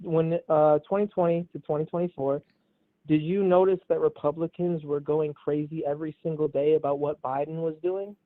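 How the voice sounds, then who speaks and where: A man's voice: a little high, fairly even intonation, moderate pace, no echo. Man, caller, pushy, talks over others, tinny phone sound. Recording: tinny phone line, dry.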